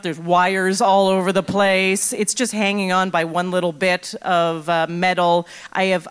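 Middle-aged woman, clear smooth tone, comic live storyteller who acts out her quotes. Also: medium pitch, fairly bright tone.

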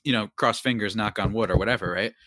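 Casual sports chatter comes from a young podcast host whose lowish voice moves at a quick pace, full of restarts, asides, and self-interruptions. His animated talk is captured in a dry, studio-quality recording.

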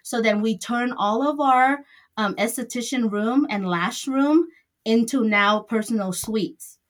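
Middle-aged woman, salon owner, talks loose and rambling, voice a bit high. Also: unhurried. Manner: chatty, rambling, loose grammar. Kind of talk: interview answers.

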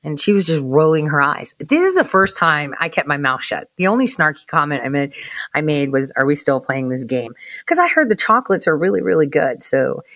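A woman's voice: low-pitched, big pitch swings, brisk, a bit bright, no room sound. A woman casually telling a personal story in a chatty, profane way, sometimes dropping into whispered asides. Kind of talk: casual anecdote.

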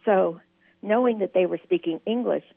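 A woman's voice: medium pitch, moderate pace, creaky, no echo. A woman calling in to a radio show, chatting and telling a travel story. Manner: chatty, tells anecdotes with quoted voices. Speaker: caller. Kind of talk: phone-in storytelling. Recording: tinny phone line.

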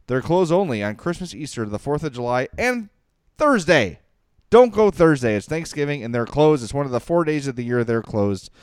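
A middle-aged man, co-hosting a casual sports podcast, gushing and excitable, also reading sponsor spots. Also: medium pitch, clear, resonant tone, dry recording, studio quality. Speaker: podcast co-host.

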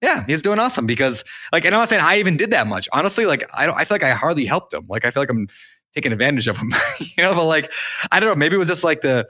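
Young male podcast co-host, quick, bright and animated, casual advice chat. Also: fairly high pitch, dry recording, clean studio sound. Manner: animated, acts out quoted people.

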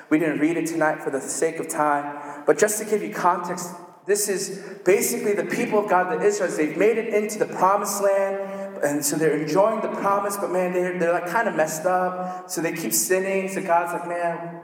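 A man preaching a casual, animated sermon, acting out the characters in quick voices. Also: high voice. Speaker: pastor. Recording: echoey hall with long reverb.

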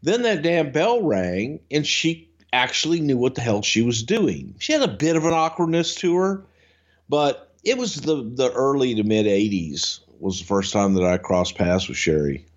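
Animated, swearing man on lo-fi audio. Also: normal speed. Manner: animated, swears freely, swings between low grumbling and high outbursts. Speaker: podcast co-host, wrestling veteran. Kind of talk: casual profane storytelling.

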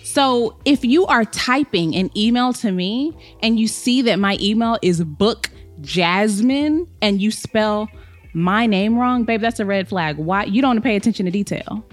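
A woman's voice: mid-range voice, expressive, unhurried, faint music behind. A young woman hosting her own podcast in a sassy, emphatic monologue, calling listeners honey and babe. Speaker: podcast host. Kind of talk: casual solo podcast monologue.

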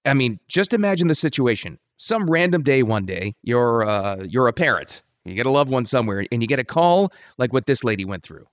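Animated male podcast host. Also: brisk, hardly any pauses, no echo, muffled recording. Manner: animated, emphatic, drops low for weight. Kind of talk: casual podcast monologue.

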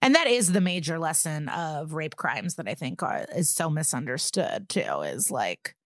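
A woman's voice: low-pitched, normal speed, no room sound, studio quality. A woman co-hosting a podcast, casually and profanely recapping a TV episode. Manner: chatty, profane, animated retelling. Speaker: podcast co-host.

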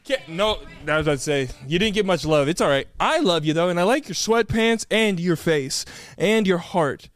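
A man's voice: high-pitched, lively intonation, normal speed, fairly bright tone. A young man co-hosting a podcast, chatting casually and teasing his co-host in the studio. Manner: playful, teasing.

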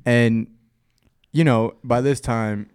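A man's voice: medium pitch, slow pace, clean tone. A young man in casual podcast chat, telling a story with lots of laughter and acted-out quotes. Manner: animated storyteller, laughs a lot, acts out quotes. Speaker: podcast guest.

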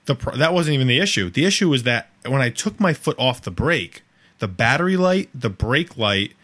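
The man co-hosting this podcast has a medium-pitched voice and speaks at a normal speed. He's an animated storyteller who rambles through long tales in casual chat and keeps correcting himself.

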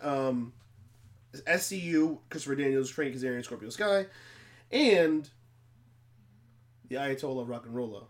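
A man co-hosting a casual podcast, teasing his friends and jumping in to interrupt. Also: medium pitch. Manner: animated, teasing, quick to interrupt. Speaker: podcast co-host. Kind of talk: casual chat.

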